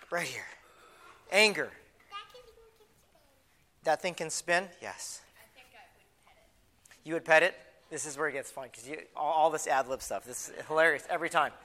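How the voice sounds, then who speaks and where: A man's voice: high voice, bright, forceful tone. A pastor giving a casual children's lesson in a church service, often restarting and repeating his words as he talks to the kids. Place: church sanctuary.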